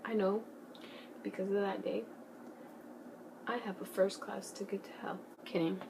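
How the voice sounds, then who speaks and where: A teenage girl telling a story in a casual vlog, excitable and giggly, full of "like" and "bro", sometimes dropping to a hushed whisper. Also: mid-range voice, a little slow, vocal fry, noisy background. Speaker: vlogger.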